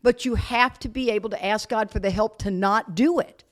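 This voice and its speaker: A woman speaking to a live audience as a guest speaker, telling her story with blunt, self-mocking humor, laughing often and loudly acting out what people said. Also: mid-range voice, normal speed. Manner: animated, laughs often, acts out quotes loudly. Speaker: guest speaker at a recovery retreat.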